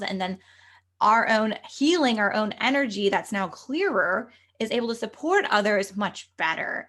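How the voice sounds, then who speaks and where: A woman's voice: medium pitch, a bit bright. A young adult woman, a medium and coach, speaking as a podcast guest in an earnest, flowing way with many fillers. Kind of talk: casual interview talk.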